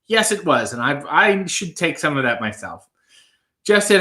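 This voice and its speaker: A man's voice: on the high side, sing-song, normal speed, long pauses, sharp tone. A man in his thirties hosting a live stream, reading out viewer comments with a dry, offhand humor.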